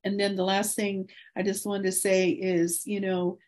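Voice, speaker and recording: A woman in her forties, a guest in an interview, speaking earnestly and encouragingly about her faith with soft laughs. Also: mid-range voice, level tone, a little slow.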